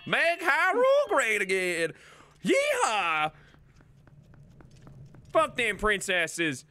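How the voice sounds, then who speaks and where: A man putting on a loud, blustering voice as a grumpy old-timer ranting about the old days. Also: sits high, huge pitch swings, very slow, pitched above the performer's own voice, exaggerated voice. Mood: rowdy.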